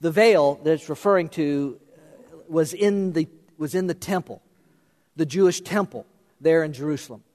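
A male pastor preaching a sermon, animated, swinging between raised emphasis and hushed intensity. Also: on the high side, moderate pace. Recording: long reverb of a large hall.

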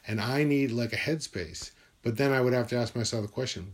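A man's voice: medium pitch, brisk. A man talking alone in his room in a rambling, musing monologue, swearing freely as he goes. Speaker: vlogger.

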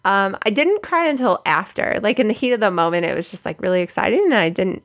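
A young woman telling a story on a podcast in loose, chatty style. Her voice sits in a middle pitch with a gravelly fry, and "like" comes up all the time. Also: lively intonation, fast. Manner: chatty, many "like" fillers. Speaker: podcast co-host. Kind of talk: casual chat, storytelling.

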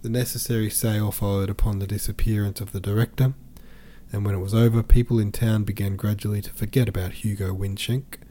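A man reading a classic novel aloud as an audiobook, steady and measured. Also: fairly low pitch, a little hiss or hum. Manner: steady, measured, even storytelling. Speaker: podcast host and audiobook reader.

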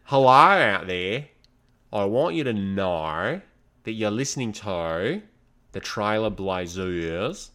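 Man doing a hammy mock-Australian show host, slow, bright, sing-song. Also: fairly low pitch, lively intonation, creaky, clean tone, exaggerated voice.

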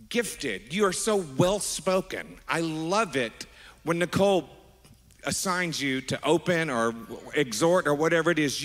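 A middle-aged man preaching as a pastor, animated and affectionate, wandering into asides with his congregation. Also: fairly high pitch. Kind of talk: sermon. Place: large church sanctuary. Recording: long hall reverb.

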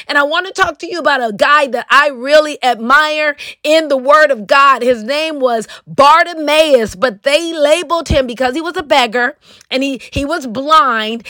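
A woman preaching on her podcast with a high, bright voice, pressing her points with fervent emphasis and breaking into shouts. The sound is close and completely dry, with no room around it. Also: dry recording.

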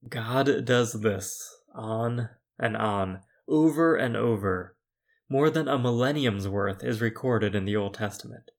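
A man preaching a sermon, retelling scripture in a deliberate, measured storytelling manner. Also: mid-range voice.

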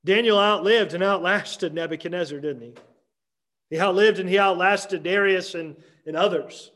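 A man preaching a Sunday morning sermon as pastor, emphatic with dramatic pauses and repetition. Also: high-pitched, a bit bright.

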